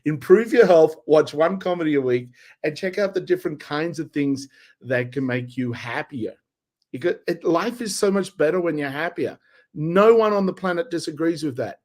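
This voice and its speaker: A man's voice: fairly high pitch, a little mellow. A man talking casually as a guest on a live show about his comedy work.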